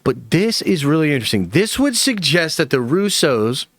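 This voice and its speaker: A man's voice: a little high, sing-song, normal speed, no room sound, studio quality. A man hosting a movie news channel, giving casual, profane opinion commentary with lots of fillers.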